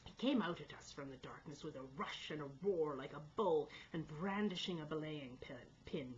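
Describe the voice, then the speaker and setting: A woman's voice: sits low, moderate pace, husky, lo-fi sound. A woman reading a novel aloud as an amateur audiobook, with small stumbles and restarts. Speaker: audiobook reader.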